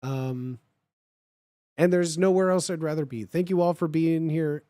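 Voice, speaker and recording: A livestream host doing a comedic live reading of fan fiction. The voice is hoarse from hours of talking, and the delivery is playful and slangy, swinging between loud bursts and mumbles. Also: medium pitch, unhurried, no room sound, studio quality.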